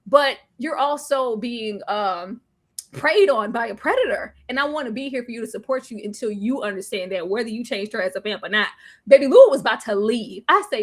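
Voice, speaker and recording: A woman's voice: fairly high pitch, lively intonation, normal speed, a bit bright. A woman hosting a live discussion of a TV episode, laughing often and acting out the characters' lines. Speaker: host.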